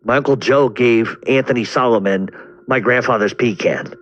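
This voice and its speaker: A man from Rhode Island casually telling a family story, rambling, swearing a lot, and filling pauses with "uh". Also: medium pitch, muffled recording, faint music behind. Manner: rambling, heavy swearing, frequent fillers.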